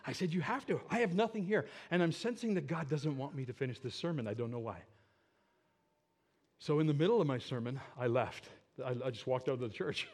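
A man preaching in church, telling a personal story in an earnest way that moves between loud moments and hushed ones. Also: mid-range voice, animated, brisk. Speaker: pastor. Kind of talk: sermon storytelling.

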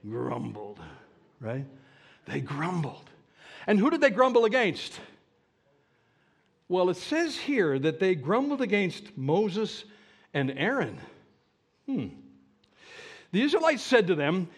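A middle-aged man preaching, his voice pitched high and swinging widely from line to line. He throws rhetorical questions at the congregation and leans into emphatic, animated phrasing. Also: measured pace, pauses often, husky. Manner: animated, rhetorical questions, mock-whiny quoting. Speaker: pastor. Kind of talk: sermon.

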